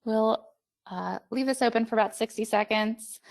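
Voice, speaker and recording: Brisk woman moderator on a video call, fairly high voice with vocal fry. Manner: brisk, procedural announcements. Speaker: webinar moderator. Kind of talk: running a webinar.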